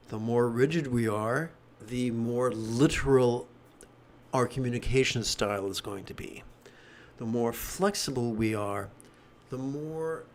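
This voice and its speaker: A man teaching meditation in an animated dharma talk, with joking asides. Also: mid-range voice.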